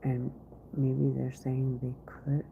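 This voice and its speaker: Woman vlogger low gravelly voice, slow and halting, half-whispered, tinny phone-like sound. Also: monotone. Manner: halting, often half-whispered, many restarts. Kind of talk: rambling live-stream monologue. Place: office. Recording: tinny phone-like recording, faint noise.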